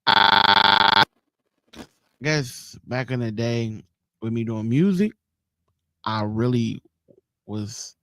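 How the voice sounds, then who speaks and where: Lively man telling a story, dry mic. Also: mid-range voice, dry recording. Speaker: podcast guest. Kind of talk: casual conversational chat.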